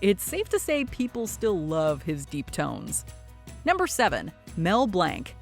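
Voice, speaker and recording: A woman narrates a countdown video in a scripted voice-over, her lowish voice rising and falling a lot. Her delivery stays upbeat, with faint music underneath. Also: huge pitch swings, slow pace, creaky.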